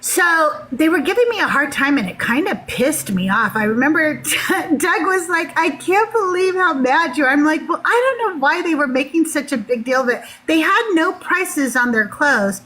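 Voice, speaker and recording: A woman telling a personal story in casual talk, animated and laughing often. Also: high-pitched, normal speed, rough recording. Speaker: podcast guest.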